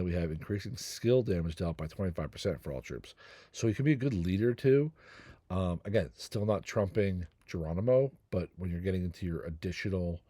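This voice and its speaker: Low-voiced middle-aged male game-guide host, rambling and self-mocking, dry close recording. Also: mellow, no room sound. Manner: rambling, jokey, self-deprecating. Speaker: gaming channel host. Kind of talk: casual game guide commentary.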